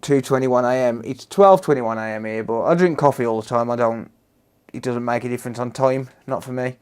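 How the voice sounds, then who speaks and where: Man, Black Country accent, relaxed chatty livestream talk, mid-pitched voice, calls everyone mate. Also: a little fast, smooth. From Dudley, West Midlands, England. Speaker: repair streamer. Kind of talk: casual livestream chat while repairing.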